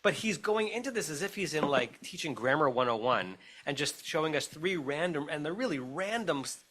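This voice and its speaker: A man's voice: on the high side, animated, a little fast, a bit bright. A man with an American accent, a rabbi teaching a text study class over a video call, explaining step by step and checking in with his listeners as he goes.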